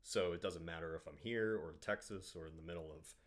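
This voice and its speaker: A man with a low voice chatting on a podcast. He rambles, trails off and restarts with plenty of ums. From Ohio. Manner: rambling, halting with fillers. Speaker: podcast host. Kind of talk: casual chat.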